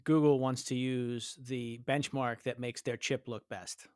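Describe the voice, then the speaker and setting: A man co-hosting a tech podcast, dropping short deadpan quips. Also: medium pitch, a little slow, smooth, dry recording, clean studio sound. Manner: deadpan, quippy. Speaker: podcast co-host. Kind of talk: casual podcast banter.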